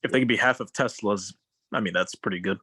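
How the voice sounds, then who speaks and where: Casting: man, rapid speech, dry sound, curious participant firing off questions. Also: lowish voice, sharp tone, breathy edge, no room sound. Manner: curious, asks short questions. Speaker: meeting participant. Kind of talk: casual chat.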